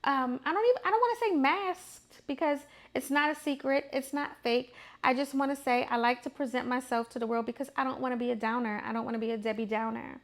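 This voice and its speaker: A woman's voice: high-pitched, fast talker, few pauses. Chatty woman in her thirties venting. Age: 30s. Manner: chatty, emphatic, repeats phrases for effect. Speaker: vlog host. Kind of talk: casual opinionated monologue.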